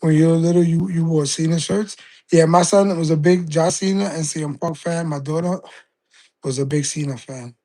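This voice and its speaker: A man's voice: a little high, fairly even intonation, normal speed, mellow. A man, chatting casually on a live stream and rambling through stories full of fillers and restarts. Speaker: game streamer.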